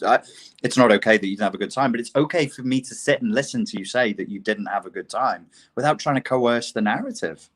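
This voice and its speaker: A man in casual conversation, blunt and profane, mocking opinions he disagrees with. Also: mid-range voice.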